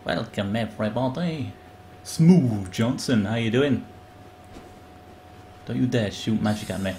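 A man live-streaming a video game, chatting excitedly and greeting viewers by name. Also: fairly low pitch, measured pace, long pauses, a little hiss or hum. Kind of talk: casual live game commentary.

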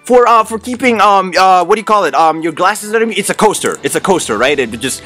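A man hosting an excited unboxing vlog, gushing and exclaiming, repeating his thanks again and again. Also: high-pitched, quick pace, faint music behind. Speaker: unboxing host.

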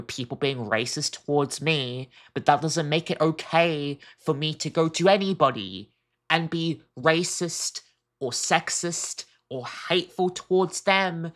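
A woman's voice: low voice, fairly bright tone. A woman giving earnest, emphatic reaction commentary, often repeating herself as she makes her point. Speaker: reaction streamer.

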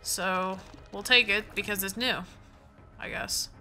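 A woman's voice: medium pitch, steady tone, takes it slowly, over music. A woman giving casual, rambling commentary while playing a video game, thinking aloud and reading out item names, sleepy and yawning. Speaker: gaming let's play host.

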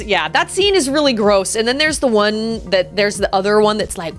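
A woman's voice: medium pitch, expressive, normal speed, few pauses, faint music behind. A young adult woman streaming a video game, chatting casually and reacting with gasps, laughs and squeals. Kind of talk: casual live gameplay commentary.

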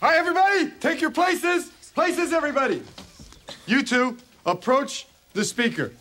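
A sarcastic, bossy sitcom dad. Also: male voice, very high-pitched, moderate pace, pushed and bright, slight background noise. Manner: barking orders, sardonic. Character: harried middle-aged male groom's host, sarcastic and bossy. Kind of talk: sitcom acting.

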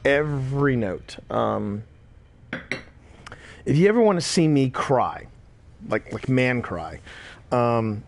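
Tired middle-aged guy streaming, rambly chat, medium-pitched voice, keeps repeating himself. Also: very animated, slow pace, vocal fry, pauses often, a little hiss or hum. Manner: rambling, repeats himself, reacts to the game aloud. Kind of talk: casual gameplay chat.

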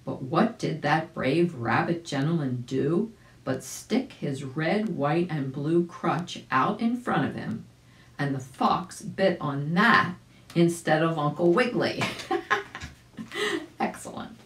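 A woman reads a children's storybook aloud in a gentle, unhurried way. Her voice sits low and slow. An echoey room carries it. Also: animated. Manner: gentle, storybook reading with small asides. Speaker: volunteer story reader. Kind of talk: audiobook read-aloud for children.

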